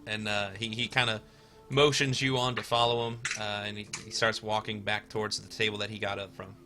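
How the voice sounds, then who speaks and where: A man's voice: on the low side, little pitch movement, brisk, over music. A man narrating a tabletop game as game master, rambling with fillers and restarts.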